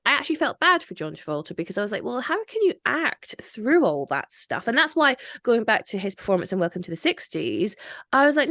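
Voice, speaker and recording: A woman hosting a casual podcast, her voice leaping around with lively swings in pitch. She talks in an animated, opinionated way, peppered with "like," and sounds close and dry with no room around her. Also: dry recording. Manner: animated, opinionated, frequent "like" fillers. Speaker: podcast host.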